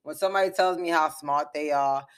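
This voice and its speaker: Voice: mid-range voice, fairly quick, fairly bright tone, clean tone. A commentator delivering an impassioned opinion monologue, emphatic and full of repeated rhetorical questions.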